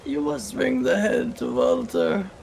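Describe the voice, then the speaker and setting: Man doing a high-voiced, gravelly elderly priest, solemn; crowd chatter in the back. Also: very animated, measured pace, exaggerated voice. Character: solemn old male village priest.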